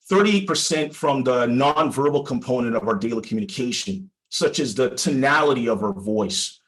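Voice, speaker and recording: A man delivers a prepared teaching talk to fellow legal professionals at a mid-range pitch. He speaks in a measured, deliberate way and leans on emphatic pauses. His tone is explanatory and instructive. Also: low-quality recording. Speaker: personal injury lawyer. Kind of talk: prepared presentation for a legal audience.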